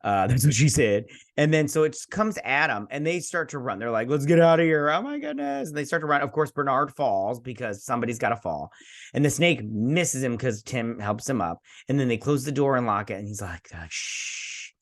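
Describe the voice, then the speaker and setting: A man's voice: mid-range voice, a little fast. Rambling sarcastic man recapping a show. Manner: rambling, sarcastic, mock-quotes characters. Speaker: host. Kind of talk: casual episode recap and review.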